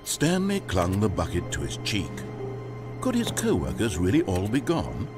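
A man's voice: fairly low pitch, wildly swooping pitch, moderate pace, over music. A man narrating a video game in a dry, wry storytelling voice.

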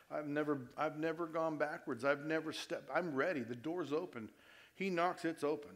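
A man preaching a sermon to his church, moving between quiet appeals and loud emphatic stretches and asking his listeners direct questions. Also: on the high side. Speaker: pastor. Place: church service before a congregation.

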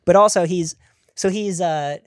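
A man's voice: sits high, a little slow, dry recording, clean studio sound. Rambling man chatting on a comedy podcast. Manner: rambling, many fillers and restarts, laughs mid-sentence. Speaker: podcast co-host. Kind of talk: casual comedic chat.

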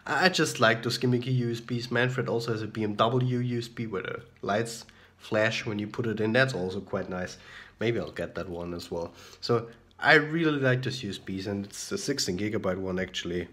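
A man's voice: lowish voice, moderate pace, fairly bright tone. A young man in his twenties chatting casually to camera in a vlog, opinionated and self-deprecating, at home. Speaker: vlogger. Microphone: camera mic. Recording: roomy echo.

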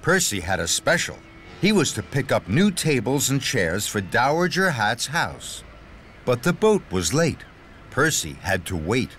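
A man narrating a children's cartoon story in a studio voice-over, with a warm, lilting storyteller's manner. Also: medium pitch, big pitch swings, a little slow, a little hiss or hum. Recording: studio voice-over with loud music.

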